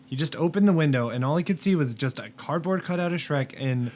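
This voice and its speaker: A young man, a podcast co-host, telling a story in casual chat and dropping deadpan quips. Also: a little high, fast talker. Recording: faint background noise.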